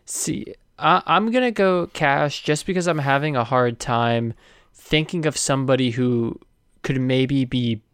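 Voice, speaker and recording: Smooth-voiced podcast co-host, dry close sound. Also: male voice, medium pitch, unhurried, fairly bright tone, no room sound. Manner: chatty, runs the segment questions. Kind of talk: casual sports podcast chat.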